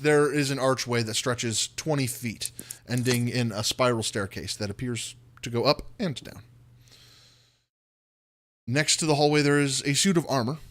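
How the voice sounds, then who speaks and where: A man narrates a tabletop fantasy game as its dungeon master, painting each scene in vivid detail. He pauses often on "uh" and "um" as he builds the picture, with a voice of ordinary middle pitch. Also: fairly bright tone. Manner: vivid descriptive narration with frequent fillers.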